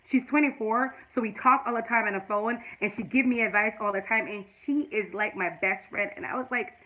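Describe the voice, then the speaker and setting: Bright-voiced woman vlogging earnestly. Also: a little high, fairly quick, rough recording. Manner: tearful and earnest, then preachy and emphatic. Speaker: YouTube vlogger. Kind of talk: emotional personal vlog talk to chat.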